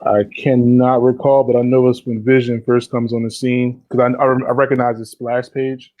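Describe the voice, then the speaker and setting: A man who is a guest on a podcast, talking casually and explaining at an unhurried pace. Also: mid-range voice, flat delivery, muffled recording. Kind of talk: casual chat.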